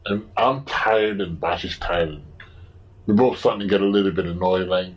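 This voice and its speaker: Very low, husky man on a dull mic. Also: brisk. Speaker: podcast co-host. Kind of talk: casual storytelling chat.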